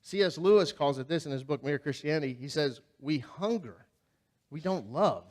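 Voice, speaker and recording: Guy preaching, bit high voice, chatty and animated, funny stories, asks the crowd stuff. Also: moderate pace. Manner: conversational, animated, asks the congregation questions. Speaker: pastor. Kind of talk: sermon with humorous storytelling. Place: church sanctuary.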